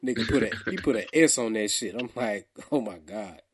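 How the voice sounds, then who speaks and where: A man's voice: medium pitch, fairly quick, husky. A man co-hosting a podcast, trading profane jokes and laughing often. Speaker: podcast co-host. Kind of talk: casual banter.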